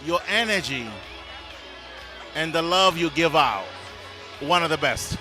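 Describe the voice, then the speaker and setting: A man giving a heartfelt birthday toast, pausing to search for words. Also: on the high side, animated, over music, crowd noise. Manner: earnest, halting, searching for words.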